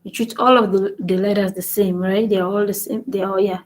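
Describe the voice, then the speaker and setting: A woman's voice: medium pitch, fairly even intonation, a little fast, poor audio. A woman hosting a casual live-streamed language lesson, chatty, repeating example words and often checking in with "right?". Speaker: language learning channel host.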